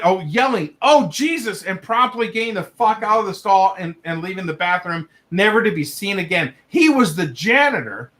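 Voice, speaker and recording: High-voiced young man reading stories aloud. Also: bright, forceful tone. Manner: laughs through the reading, breaks off to react with swearing. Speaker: livestream host reading viewer stories. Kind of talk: casual livestream reading.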